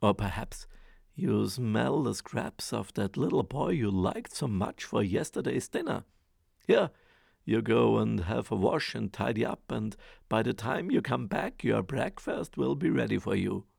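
A man voicing a big, fussy ogre's wife in a storybook reading, speaking high, loud and bustling. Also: animated, measured pace, vocal fry, breathy edge, no echo, clean studio sound, full character voice. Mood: soothing. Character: fussy giant ogre's wife, gruff but kindly.

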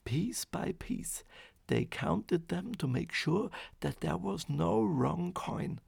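A man narrating a fairy tale in a slow, expressive reading. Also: on the high side, gravelly, slightly rough, no echo. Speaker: storyteller. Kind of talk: storybook narration.

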